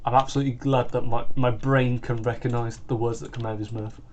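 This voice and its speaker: British teen lad, 16, rambling gaming chatter, faint keyboard clatter behind. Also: male voice, medium pitch, level tone, fast talker, darkish tone, dull audio, slight background noise. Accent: British English. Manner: rambling, full of "like" and restarts. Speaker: gaming channel host. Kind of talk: casual chat while gaming.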